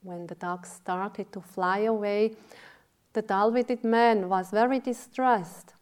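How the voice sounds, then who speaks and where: A woman meditation teacher giving a dharma talk, telling a teaching story in a deliberate way. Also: medium pitch, fairly even intonation.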